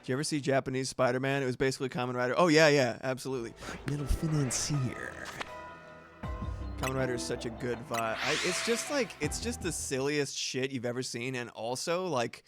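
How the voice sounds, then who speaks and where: A man's voice: mid-range voice, a little fast. Rambling, cussing guy streamer over game music. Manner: loose, rambling, swears freely. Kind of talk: casual chat while gaming.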